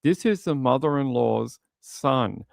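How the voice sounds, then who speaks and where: A man casually commenting on a crime video, with animated, mocking retellings of what people said. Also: medium pitch, takes it slowly, gravelly, dry recording.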